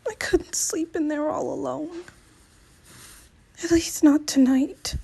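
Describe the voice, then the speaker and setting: A woman's voice: lively intonation, slow, warm tone. A woman voicing a tearful distraught mother. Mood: weary. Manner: tearful, high and trembling. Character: distraught crying mother, middle-aged woman. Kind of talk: audiobook character voice.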